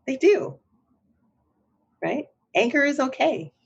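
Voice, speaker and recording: Her voice sits low and her pace is moderate, with the highs cut off in the recording. She's a middle-aged psychotherapist reflecting during a podcast interview, frequently adding "right?" to check in.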